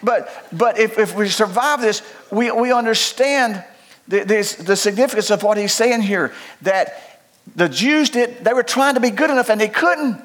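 Older man, pastor, folksy sermon, high-pitched voice, humorous asides. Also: moderate pace. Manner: folksy and humorous, swings between loud preaching and low asides.

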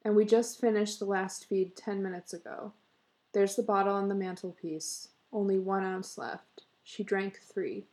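A woman's voice: mid-range voice, steady tone, unhurried, a little mellow, natural voice. A woman voicing an earnest, eager husband who coaxes and insists. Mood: proud. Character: earnest husband, eager and fussing, middle-aged.

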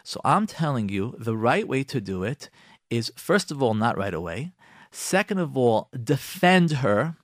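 Animated rabbi giving blunt marriage advice. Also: male voice, mid-range voice, no echo, clean studio sound. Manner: animated, acts out imagined husbands and wives in quick asides. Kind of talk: radio talk monologue. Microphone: close studio microphone.

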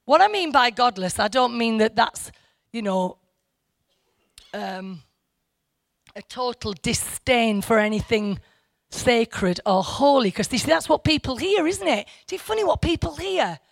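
A woman's voice: fairly high pitch, animated, a little slow, gravelly, no echo. A woman giving informal Bible teaching to a church group, rambling and correcting herself with asides to her listeners.

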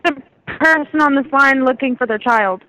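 A woman's voice: high-pitched, moderate pace, bright, forceful tone. A woman answering a store phone line, polite and scripted. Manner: polite, scripted customer service phrasing.

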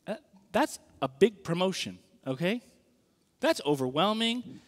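At a measured pace, a pastor gives an animated, chatty sermon and keeps asking his listeners questions. His voice is fairly high with swooping, leaping pitch, and a large hall lends it a long reverb.

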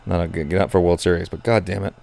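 A man reacting live to a baseball game as a nervous fan, cursing, groaning and pleading with the pitcher. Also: flat delivery, very fast, creaky, warm tone. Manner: anxious, profane, swings from groans to outbursts.

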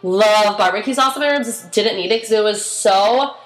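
A young woman hosting a podcast, telling stories in a chatty, animated way. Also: mid-range voice, moderate pace, slight background noise. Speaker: podcast host. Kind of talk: casual chat. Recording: echoey room.

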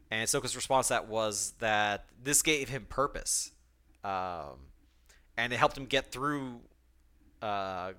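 A young man speaks in a bright voice on his solo podcast. His talk is emotional and full of ums and restarts, and he is choked up at times. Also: mid-range voice. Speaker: podcast host.

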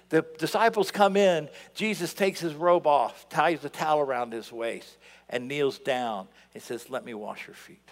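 A man preaching a sermon in a church, animated, swinging between loud outbursts and hushed asides. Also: on the high side. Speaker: pastor. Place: church sanctuary. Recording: long hall reverb.

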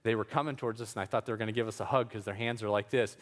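A man's voice: fairly low pitch, fairly even intonation, racing, long reverb tail. A man telling a story from his missionary work in a loose, conversational way, with fillers and small chuckles. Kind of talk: storytelling talk.

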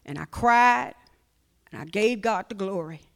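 A middle-aged woman minister giving a testimony sermon at a seminar, telling her story with animation and breaking into shouted praise. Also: mid-range voice, lively intonation, a little slow, vocal fry.

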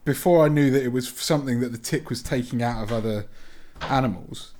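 A man's voice: medium pitch, fairly quick, darkish tone. A young man chatting casually as a podcast co-host, laid-back and sweary, trailing off with ums. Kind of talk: casual chat.

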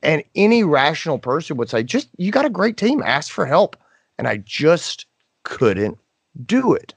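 A middle-aged man co-hosts a podcast, telling a story in a loose, chatty way. His pitch swings widely, and he jumps into high voices when he quotes people. The sound is dry and close to the mic. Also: big pitch swings, measured pace, vocal fry, breathy edge, dry recording. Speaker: podcast co-host. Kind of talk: casual storytelling chat.

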